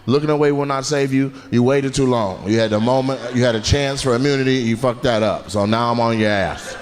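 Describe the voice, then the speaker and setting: A man doing crowd work as a stand-up comedian, teasing people with brash, loud bursts and laughing asides. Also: mid-range voice, brisk. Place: comedy club stage with laughing audience. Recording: noisy live club recording.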